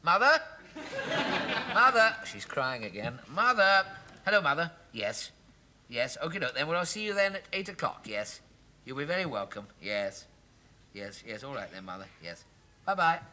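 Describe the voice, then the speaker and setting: An actor playing a fussy, flustered bachelor in a sitcom. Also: male voice, mid-range voice, big pitch swings, normal speed, sharp tone. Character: fussy put-upon young English bachelor. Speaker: office clerk. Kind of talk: sitcom acting.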